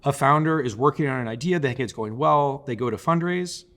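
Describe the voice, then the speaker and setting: A man's voice: mid-range voice, a little fast, fairly bright tone. A man co-hosting a casual startup talk, making his points firmly and plainly. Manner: firm, direct, makes points plainly. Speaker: startup advisor, co-host. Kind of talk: casual conversational podcast.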